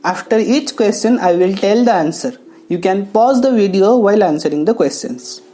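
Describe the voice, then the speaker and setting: A woman teaching English grammar, talking slowly and explaining each step with pauses. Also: mid-range voice, animated, warm tone. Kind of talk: classroom lesson narration. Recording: faint background music.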